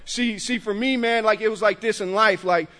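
Animated high-voiced man sharing. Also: normal speed. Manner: street-slang, animated storytelling with laughs. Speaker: recovery speaker. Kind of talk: recovery meeting share. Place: meeting room with audience.

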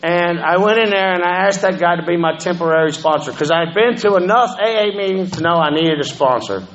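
Profane storytelling man, higher voice. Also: brisk, fairly bright tone, lo-fi sound. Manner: profane, conversational, keeps asking "you know what I'm saying". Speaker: speaker sharing his recovery story. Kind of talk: personal testimony, storytelling.

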